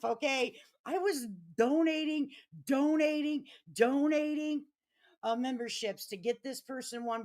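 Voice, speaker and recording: Woman, Chicago accent, middle-aged, live-stream host, brash, profane, gets loud when riled. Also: a little high. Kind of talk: casual live-stream chat.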